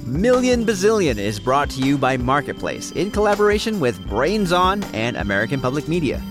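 A man hosting a kids' money podcast in a playful, lively way. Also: a little high, a little fast. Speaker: podcast host. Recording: music bed underneath.

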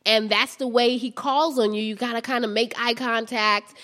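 A woman's voice: a little high, steady tone, moderate pace, a bit bright. A woman White House reporter answering interview questions in a chatty way, with many restarts and fillers.

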